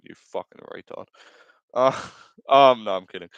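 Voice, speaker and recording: Reading chat aloud during his live stream, a young man rambles through crude jokes, laughs often, and keeps correcting himself in casual commentary. His voice is on the low side, creaky, clear, and resonant with a fairly bright tone; he speaks at a measured pace, pauses often, and there's no room sound.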